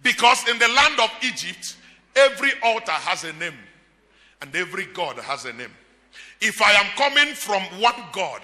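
A Nigerian man preaching a sermon, emphatic and repetitive, with shouted peaks. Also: high voice, big pitch swings, normal speed. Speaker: pastor. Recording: echoey hall reverb.

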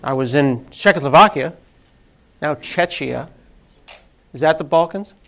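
A man's voice: fairly high pitch, unhurried, creaky, a bit bright. A man in his forties with a sniffly cold, giving a self-deprecating, chatty live tech talk to an audience in a meeting room. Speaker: tech presenter. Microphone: handheld mic.

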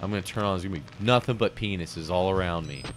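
A man casually joking and cursing while playing a horror game with friends, dropping to mutters, then yelling. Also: deep voice, fast talker, background noise. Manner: loud joking, swings from mutters to yells. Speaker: game commentator. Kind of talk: casual let's-play banter.

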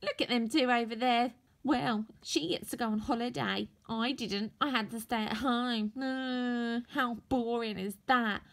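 A woman voicing a sulky, stubborn boy doll in a children's doll role-play, grumbling slow complaints. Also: on the high side, fairly even intonation.

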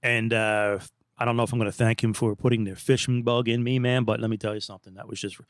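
A man's voice: fairly low pitch, flat delivery, quick pace, no echo, clean studio sound. A man hosting a podcast, telling casual, rambling anecdotes in a laid-back, chatty way. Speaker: podcast host. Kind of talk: casual storytelling monologue.

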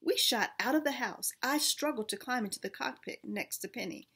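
A woman reading a children's storybook aloud, expressive and steady, with small restarts now and then. Her voice is breathy and sits a little high. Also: moderate pace.

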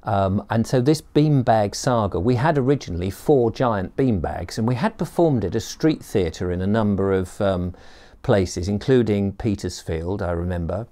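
A man with a fairly low voice tells a personal story to camera. He rambles in a chatty way, pausing on ums and restarting his sentences as he remembers. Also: expressive, mellow. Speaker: storyteller and performer.

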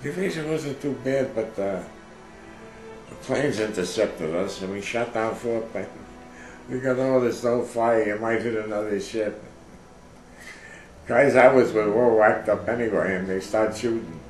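A man's voice: lowish voice, normal speed, echoey room, soft background music, rough recording. An older man recounting memories in a rambling, casual way, full of fillers and acted-out orders. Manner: rambling, many fillers, acts out shouted orders. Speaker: interviewee, war veteran. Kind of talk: casual oral history storytelling.

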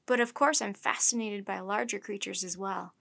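A woman's voice: mid-range voice, normal speed, creaky, a bit bright. Friendly young scientist in a storybook voiced by a woman; polite, patient explainer.

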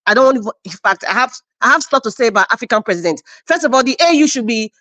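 A woman's voice: fairly high pitch, animated, quick pace, bright, forceful tone, no room sound. A woman hosting a live-stream commentary show, speaking with passion and repeating phrases for emphasis.

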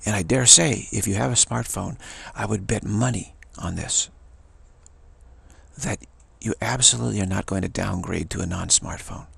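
A man's voice: on the low side, moderate pace, gravelly, a bit bright, breathy edge, dry recording. A man giving an informal spiritual talk in a rambling, playful way, often repeating himself. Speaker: spiritual teacher.

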